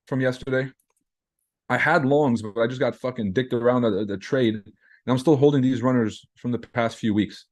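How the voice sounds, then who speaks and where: A man's voice: mid-range voice, a little mellow. A man in his own everyday voice hosts a trading livestream, talking casually and loosely. He is brash and profane, cracking jokes and answering chat messages as they come in.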